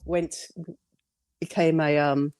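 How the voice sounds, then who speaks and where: A woman's voice: low-pitched, flat delivery, slow, a little mellow, smooth, dry recording. A middle-aged woman, sharing her personal faith testimony in an earnest, candid way.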